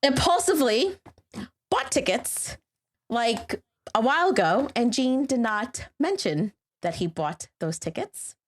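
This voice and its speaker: Lively middle-aged woman telling a story. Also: a little high, a little slow. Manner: animated, acts out quoted lines, many fillers. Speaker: podcast host, mother. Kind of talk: casual storytelling chat.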